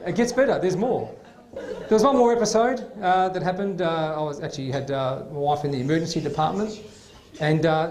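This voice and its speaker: An Australian man hosts a comedy night in a club, with a high voice for a man. He tells animated stand-up stories and mimics the people in them. His voice rings in an echoey room over a faint hiss. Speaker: comedy show host. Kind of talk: stand-up anecdotes. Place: club venue.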